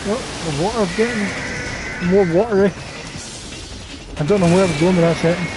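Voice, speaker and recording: A high-voiced man rambles and cracks jokes as he plays through a game on a livestream. His commentary is loose and mock-dramatic, with the game's music playing loudly under him. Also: fairly quick. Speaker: livestream gamer.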